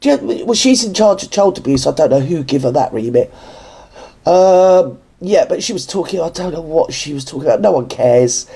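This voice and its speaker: Here the British host of a reaction video rants indoors while standing, her sarcasm and indignation spilling into mocking impressions of others. She speaks at a moderate pace with animated intonation, and her low voice carries vocal fry and a dark tone.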